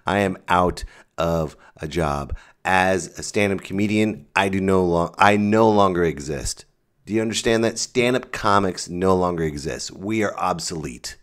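A man's voice: deep voice, normal speed. A man who is a stand-up comedian, hosting his comedy podcast in a jokey, self-mocking monologue.

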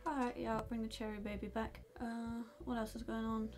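A woman's voice: a little high, flat delivery, brisk, a little mellow, faint music behind. A young woman playfully commenting while playing a video game and reading its lines aloud. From outside the United States. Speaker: gaming YouTuber. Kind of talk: let's play commentary.

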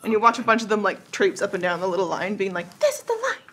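A woman narrating a tabletop game as game master in a casual, animated storytelling manner. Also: mid-range voice, fast talker, slight background noise.

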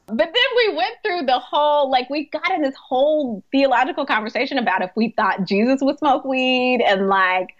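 A woman's voice: high voice, lively intonation, moderate pace. Give me a chatty, laughing woman chaplain on a dull, lo-fi recording. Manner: chatty, laughs often, many "like" fillers. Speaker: hospice chaplain and grief coach. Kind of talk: podcast interview storytelling.

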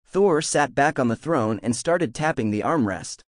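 A man reads a fantasy novel aloud as a fan audiobook narrator. His delivery is expressive with a wide, lively pitch. The recording is dry with no room sound. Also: moderate pace, no echo.

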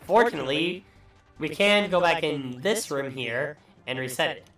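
A man's voice: a little high, normal speed, fairly bright tone, distant mic. A man hosting a let's play, joking and swearing through casual gameplay commentary. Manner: profane, rambling, joking. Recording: echoey room, voice off mic, faint music.

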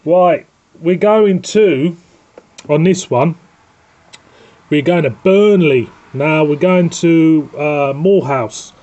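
A man's voice: a little high, slow pace, long pauses, mellow, lo-fi sound. A man with a Northern English accent hosting a casual home beer review, chatty and rambling, often breaking off to scold his dog.

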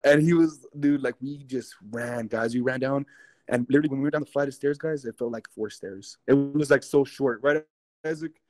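Mellow-voiced man telling a wild story. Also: medium pitch, moderate pace, no echo. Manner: rambling, profane, keeps addressing listeners as guys. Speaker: interview guest. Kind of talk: casual storytelling.

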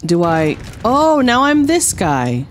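Lively woman streamer, sarcastic trash talk. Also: takes it slowly, slight background noise. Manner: swings between low mock-tough lines and high yelps. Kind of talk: live gameplay commentary.

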